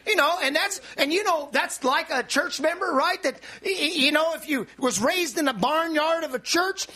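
A man preaching a sermon in an animated, exclaiming style, often restarting his sentences and breaking into shouts. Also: extremely high pitch, normal speed.

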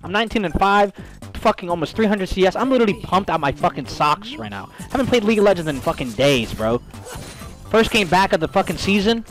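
A young man streaming a video game, loud and profane, trash-talking and yelling at his teammate. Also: high voice, lively intonation, brisk, faint music behind. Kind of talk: casual gaming stream chat.

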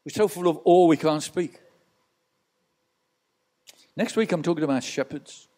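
Pastor guy preaching in church, bit high voice, chatty storytelling with asides. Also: a little slow, mellow. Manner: storytelling, rhetorical asides to the congregation. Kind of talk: sermon.

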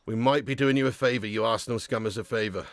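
A man hosting a live football watch-along, commentating as an excitable, swearing fan. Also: medium pitch, fast, no room sound.

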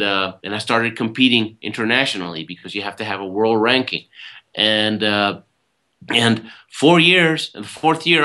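A man speaking as a motivational speaker, with a bright, forceful tone. He tells his story with emphasis, pushing some words hard and dropping others low, and keeps tagging his points with a quick "right?". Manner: emphatic, swings loud and soft. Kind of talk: animated storytelling talk.

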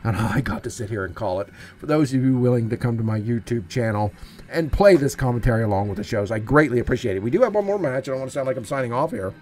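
A man's voice: mid-range voice, expressive, quick pace, darkish tone. Male solo wrestling commentator, enthusiastic, conversational, addresses viewers. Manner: enthusiastic, chatty, talks straight to viewers.

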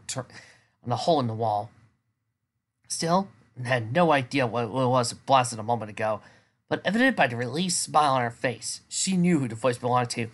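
A woman reading fan fiction aloud, with small stumbles and restarts. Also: very deep voice. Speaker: reader.

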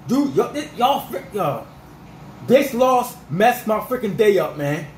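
A man ranting as a sports fan vlogger, fired up and repetitive, his voice going rough. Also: sits high, darkish tone, reverberant, a little hiss or hum, low-quality recording. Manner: fired-up, repetitive, peppered with 'freaking' and 'dog'.

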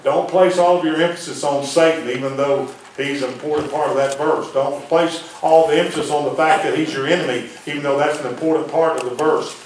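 A man preaching a folksy sermon as pastor, dropping his voice low to press a point. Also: fairly even intonation, brisk, hardly any pauses. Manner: folksy preaching, drops to near-whisper for emphasis. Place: church hall. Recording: very echoey room from far off, faint noise.

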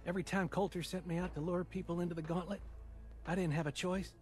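A man's voice: sits high, fairly even intonation, quick pace, a little mellow, soft background music, close to an everyday voice. An actor voicing a remorseful male henchman in a video game, speaking in a subdued, apologetic way. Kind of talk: game dialogue.

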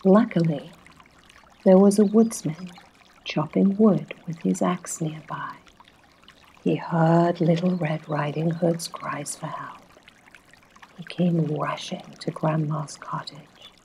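A woman narrating a bedtime fairytale, soft and hushed, often dropping to a half-whisper. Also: low voice, fairly even intonation, takes it slowly, gravelly, a little hiss or hum. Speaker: storyteller.

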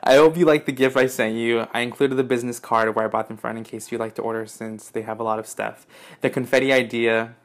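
A young man in his twenties opening fan mail in a casual home vlog, excitable and swearing often, jumping into high squeals when delighted. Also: fast talker. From United States. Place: indoors at home, apartment.

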